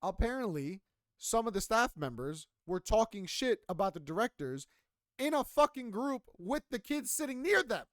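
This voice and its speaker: Young male podcast co-host, casual and profane storyteller, voice sits a bit high, dry sound. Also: moderate pace, dry recording. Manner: animated, profane, emphatic storytelling.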